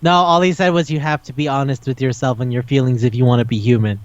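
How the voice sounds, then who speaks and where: A man's voice: medium pitch, fairly even intonation, no echo. Exasperated man on a lo-fi podcast. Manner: incredulous, swearing, rants in rapid questions. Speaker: podcast co-host. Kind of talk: casual chat.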